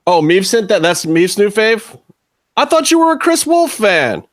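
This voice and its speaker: A man co-hosting a wrestling chat show, excitable and teasing, laughing often. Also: sits high, a little slow. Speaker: podcast co-host. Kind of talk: casual chat.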